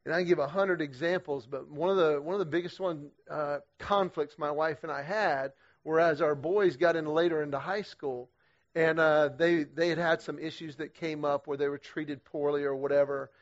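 A middle-aged man speaking to a men's group at church, energetic and humorous, with a conversational style full of quick restarts. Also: fairly high pitch. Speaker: guest speaker leading a men's group series. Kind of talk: storytelling church talk to men. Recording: dull lo-fi sound.

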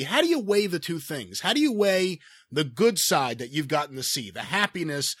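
A man hosting an interview asks long, measured questions that probe his guest. His voice sits fairly high. The recording is dry, with no room sound. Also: fairly bright tone, dry recording. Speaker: interviewer, show host.

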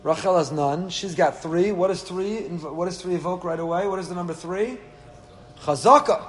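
Lively rabbi lecturing in an echoey hall. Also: male voice, high voice, moderate pace. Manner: lively, rhetorical questions, dry asides. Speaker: rabbi teaching a Torah class. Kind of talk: Torah class lecture. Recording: echoey hall with faint hum.

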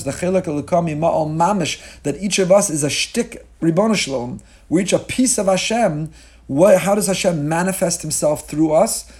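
Impassioned husky-voiced rabbi. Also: male voice, a little high, warm tone. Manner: impassioned, rhetorical, repeats key words for emphasis; mixes Hebrew and Yiddish terms into his talk. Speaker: rabbi teaching a class. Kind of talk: sermon.

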